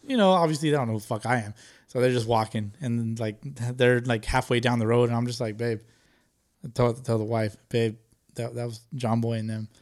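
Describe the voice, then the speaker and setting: A man's voice: medium pitch, brisk. Profane laughing male podcast host. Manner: profane, animated storytelling with lots of laughing. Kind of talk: casual chat.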